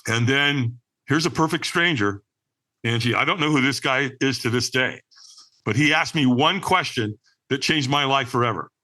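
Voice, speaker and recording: A podcast guest tells a personal story with animated energy, acting out what other people said and often checking in with "right?". His voice is medium-pitched and his pace moderate.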